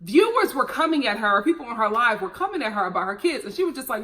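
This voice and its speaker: A woman recapping a reality show in a casual, gossipy, animated way, laughing often and using slang. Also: on the high side, quick pace, few pauses.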